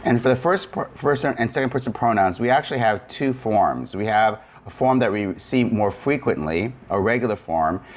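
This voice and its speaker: A man's voice: on the low side, expressive, moderate pace, hardly any pauses. A man teaching Greek grammar in a recorded lecture, explaining step by step with frequent fillers and restarts.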